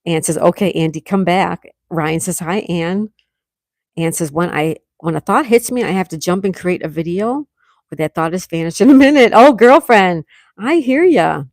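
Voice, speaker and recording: A middle-aged woman hosting a casual livestream, reading viewers' comments aloud and chatting back warmly. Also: on the low side, normal speed, no echo, studio quality. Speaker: livestream host reading chat. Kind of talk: casual live chat.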